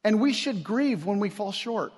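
A man preaching a sermon in a relaxed, conversational style, slipping into slang and acting out little scenes. His voice sits a bit high for a man. It rings out with a long reverb, as in a large hall. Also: normal speed, husky. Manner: conversational, animated preaching with casual slang and acted-out quotes. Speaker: pastor.

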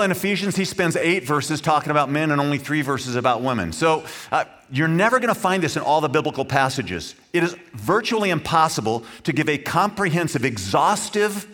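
Male pastor, sermon, emphatic, slightly high voice. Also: fairly bright tone. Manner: earnest, emphatic, addresses the congregation directly.

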